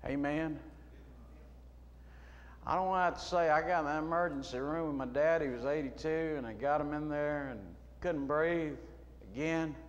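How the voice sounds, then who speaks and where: A middle-aged man preaching a sermon as a pastor, moving between quiet storytelling and loud shouting. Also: fairly high pitch, moderate pace, dull audio. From United States. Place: church sanctuary. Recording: long hall reverb, faint room noise.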